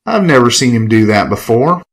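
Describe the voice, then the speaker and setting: A man's voice: medium pitch, sing-song, normal speed. A man voicing a crude, greedy male underworld fight boss who swears and gloats, in an audiobook. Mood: irritated. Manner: profane, gloating, menacing. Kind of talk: audiobook character voice.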